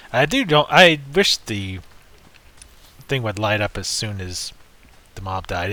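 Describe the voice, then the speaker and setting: A man's voice: lowish voice, sharp tone. A man giving casual, joking and rambling commentary while playing a video game. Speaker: let's play host.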